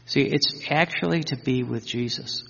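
Man, sermon, earnest and repetitive, gravelly husky voice, dull lo-fi sound, echoing hall. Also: medium pitch, normal speed, a bit bright. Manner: earnest, repetitive, with restarts and fervent lists. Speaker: preacher.

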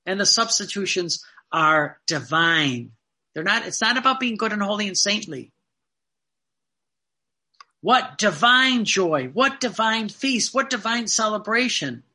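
A man delivering a fervent sermon in a high, very bright voice. He talks earnestly, repeating key phrases for emphasis and reading passages aloud. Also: lively intonation, unhurried. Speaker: preacher.

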